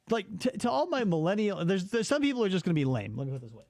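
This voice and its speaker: A man in his forties hosting a casual podcast, ranting in an exasperated, animated way and swearing freely. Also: sits high, fast, dry recording, studio quality. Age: 40s. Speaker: podcast host.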